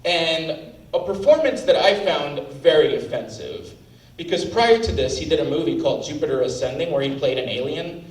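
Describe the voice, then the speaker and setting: A man's voice: a little high, animated, moderate pace. A man doing standup, ranting with outrage and plenty of profanity. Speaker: standup comic. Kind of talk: standup set. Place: comedy club stage. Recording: roomy live venue, mic at a distance, faint ambience.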